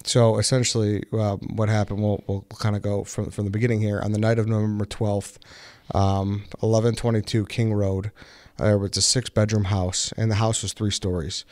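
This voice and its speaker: A young man hosting a podcast, recounting a case in a relaxed, rambling way full of fillers and restarts. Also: on the low side, normal speed, dry recording. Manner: relaxed, filler-heavy storytelling with many restarts. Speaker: podcast host. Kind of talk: casual podcast chat.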